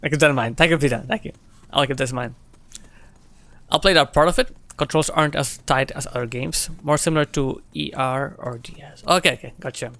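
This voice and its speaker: A man's voice: mid-range voice, fairly quick, sharp tone. A young man streaming a game, chatting casually with his viewers, reading their messages aloud and laughing often. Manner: chatty, laughs often, reads and answers chat. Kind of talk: casual gameplay chat with viewers.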